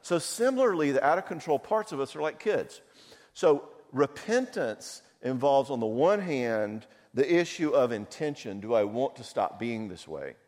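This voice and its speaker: A man's voice: mid-range voice, big pitch swings, normal speed, a little mellow. A man, a marriage counselor, giving a conversational seminar talk full of personal stories and self-mocking humor. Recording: long hall reverb.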